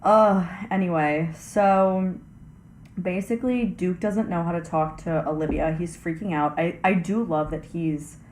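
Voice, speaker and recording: A woman co-hosting a podcast, eagerly retelling a movie's scenes in casual chat. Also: on the low side. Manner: excited, quick retelling with acted quotes. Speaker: podcast co-host. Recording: echoey room with faint hiss.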